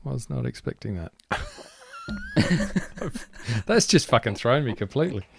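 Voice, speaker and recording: A man's voice: medium pitch, big pitch swings, measured pace, vocal fry, a little hiss or hum. A man co-hosting a podcast, reacting to a story in casual chat with brief wry asides. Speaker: podcast co-host.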